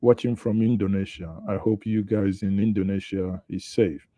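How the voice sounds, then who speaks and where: A man's voice: fairly low pitch, steady tone, moderate pace, mellow, no room sound. A Nigerian man hosting a live online news show, chatting with viewers and commenting on the headlines. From Southeast Nigeria. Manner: chatty, greets viewers, thinks aloud. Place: studio.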